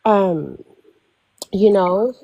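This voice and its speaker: A woman's voice: mid-range voice, extremely slow, creaky, no room sound. A young woman telling a long personal story in casual chat, acting out quotes and often restarting. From London. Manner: animated storytelling, acts out quotes, many restarts. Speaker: panel caller.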